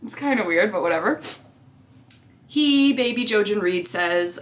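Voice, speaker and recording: A woman's voice: mid-range voice, measured pace, a bit bright. A young woman chatting casually as a vlogger, rambling through tangents and swearing freely. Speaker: movie rewatch vlogger. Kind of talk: casual chat.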